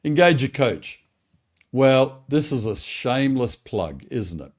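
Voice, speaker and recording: A man's voice: medium pitch, sing-song, slow pace. A man coaching pastors in a webinar, talking in an encouraging, conversational way. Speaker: church growth coach. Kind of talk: teaching webinar talk.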